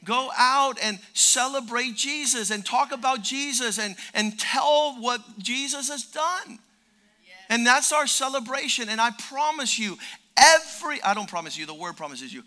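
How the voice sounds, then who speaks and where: An older man preaching a sermon as pastor, fervent and emphatic, repeating words and rising to shouted peaks. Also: very high voice, lively intonation, normal speed.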